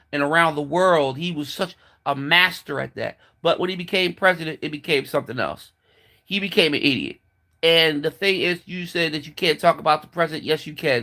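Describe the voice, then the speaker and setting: A man's voice: fairly high pitch, pushed and bright. A man giving a casual, blunt opinion monologue, mocking and profane, with lots of fillers and restarts. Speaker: commentator.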